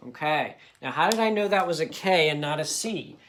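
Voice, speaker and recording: A man's voice: fairly high pitch, lively intonation, moderate pace, a bit bright, slight background noise. A man teaching a children's phonics lesson, patiently sounding out words syllable by syllable.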